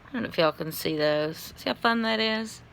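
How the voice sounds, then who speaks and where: Chatting to her phone camera, a tired middle-aged woman vlogger rambles casually, yawning and swearing now and then. Her voice is medium in pitch and brisk, with vocal fry and a clear, resonant, slightly bright tone.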